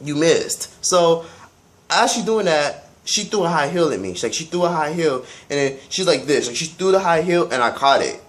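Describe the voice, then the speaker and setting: A young man telling a storytime vlog in a casual, profane, animated way. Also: on the high side, normal speed. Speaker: vlogger.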